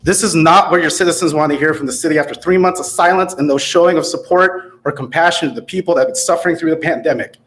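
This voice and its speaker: A man's voice: fairly high pitch, fast, hardly any pauses, fairly bright tone. A man giving a prepared, critical public comment at a city council meeting, sarcastic in tone. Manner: sarcastic, critical, reading from notes. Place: council chamber.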